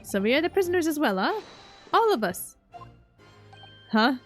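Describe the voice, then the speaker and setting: A woman's voice: high voice, sing-song, normal speed, a bit bright, faint music behind, pitched above the performer's own voice. A woman doing a swaggering Italian-accented crime boss. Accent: put-on Italian. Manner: swaggering, sing-song, punctuating with "eh?". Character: boisterous Italian-accented male criminal boss.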